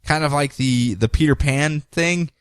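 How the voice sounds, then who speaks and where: A man co-hosting a podcast, casually recapping comic book stories in an animated way and slipping into quick character voices. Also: fairly high pitch, smooth, no echo, studio quality. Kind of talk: casual chat.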